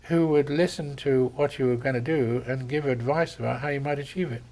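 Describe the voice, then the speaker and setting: A man's voice: medium pitch, fairly even intonation, brisk, darkish tone. An older man with an English accent, a surgeon reminiscing in conversation, telling stories with frequent ums and restarts. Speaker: surgeon interviewee.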